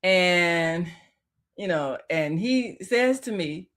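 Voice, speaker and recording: Woman, low pitch, radio host, personal spiritual story, chatty with fillers, hushed to loud swings. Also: big pitch swings, slow. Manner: conversational, many "you know" fillers.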